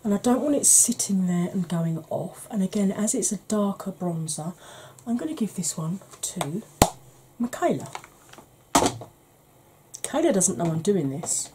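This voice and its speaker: A woman chatting casually as a beauty vlogger, easygoing and quick to laugh, with the odd mild swear. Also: medium pitch, animated, background noise. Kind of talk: casual makeup declutter chat.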